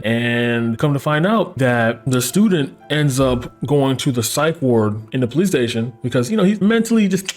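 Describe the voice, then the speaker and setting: A man hosting a casual plot recap. He talks in an animated, sarcastic way, swears freely and slips into quick mock voices for the characters. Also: medium pitch, faint music behind. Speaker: anime recap host.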